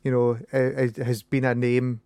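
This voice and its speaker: Scottish man in his thirties, halting. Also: mid-range voice, little pitch movement, darkish tone, no echo, clean studio sound. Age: 30s. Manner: halting, many restarts. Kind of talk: casual conversation.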